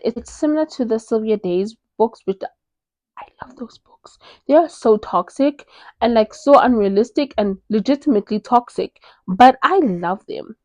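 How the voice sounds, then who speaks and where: A woman's voice: mid-range voice, dry recording. A young woman from South Africa chatting casually about her favorite books. She gushes and fills her talk with lots of "like"s. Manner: gushing, animated, filler-heavy with many "like"s. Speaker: book reviewer. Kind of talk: casual book recommendation vlog.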